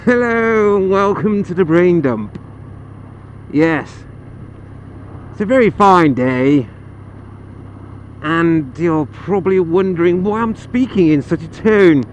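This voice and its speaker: A man's voice: sits high, animated, takes it slowly, pauses often, lo-fi sound. A man hamming up a jolly posh English toff. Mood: jolly pompous. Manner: plummy, exaggerated, chuckling. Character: jolly posh upper-class English gentleman. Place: riding a motorcycle outdoors on roads. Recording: loud wind and engine noise.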